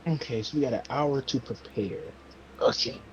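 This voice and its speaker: A man's voice: medium pitch, normal speed, a little hiss or hum. Hesitant male player on a dull mic. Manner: hesitant, full of fillers. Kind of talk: casual tabletop play.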